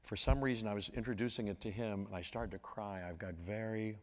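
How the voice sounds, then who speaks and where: A man in his sixties from Pittsburgh telling stories at a live onstage conversation, meandering and halting, now and then scatting a tune. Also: fairly low pitch, steady tone. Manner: meandering, halting, with sung scat sounds. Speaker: interview guest. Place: large auditorium. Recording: long hall reverb with audience. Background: audience.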